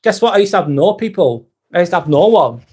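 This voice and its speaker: His voice is high-pitched and slightly rough with a darkish tone, swinging widely in pitch at a quick pace. The man is hosting a live stream, reading chat messages aloud and replying in a blunt, casual manner laced with swearing.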